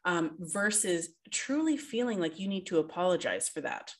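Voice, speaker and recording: A woman's voice: on the low side, expressive, moderate pace. A woman, a coach, co-hosting a podcast in chatty, upbeat casual talk with frequent giggles. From Canada. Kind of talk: casual chat.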